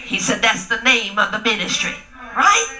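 A middle-aged woman pastor preaching in a call-and-response style, often shouting to the congregation. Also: a little high, big pitch swings, moderate pace, very noisy. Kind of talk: sermon. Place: church hall. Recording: echoey room with music.

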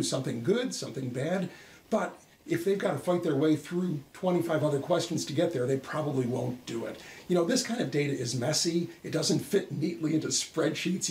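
A man's voice: fairly high pitch, a little mellow, echoey room, slight background noise. A man giving a conversational business talk, telling wry anecdotes with frequent "uh" fillers. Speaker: business speaker and author. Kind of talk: explainer talk to camera.

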